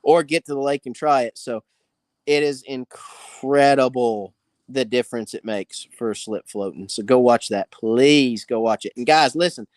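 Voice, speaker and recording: A man's voice: medium pitch, measured pace, no echo. Man, fishing host, live stream chat, friendly drawl, dry close mic. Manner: chatty, greets viewers by name, drawling. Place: outdoors by a campfire.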